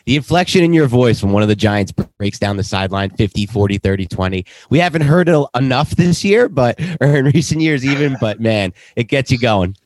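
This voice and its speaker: A man's voice: medium pitch, expressive, fairly quick, hardly any pauses, a little mellow, dry recording. A man joining a sports podcast as a guest, chatty and enthusiastic. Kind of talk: casual sports talk.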